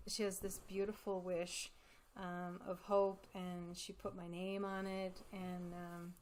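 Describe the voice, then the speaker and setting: A woman hosting a crafting vlog in casual chat, talking in a heartfelt, halting way with many pauses and restarts. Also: mid-range voice, a little mellow, a little hiss or hum. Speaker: crafting channel host.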